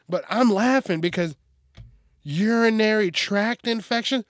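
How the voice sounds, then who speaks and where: A man's voice: high voice, lively intonation, a little slow, no echo, clean studio sound. A man casually riffing on news stories, laughing often, swearing, and rambling. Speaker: news commentary host. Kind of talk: casual comedic news commentary.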